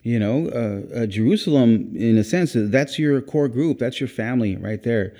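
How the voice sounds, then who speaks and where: A man's voice: mid-range voice, lively intonation, normal speed, dark tone. A man giving an informal, earnest sermon, rambling and repeating himself, dropping in "praise God.". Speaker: preacher.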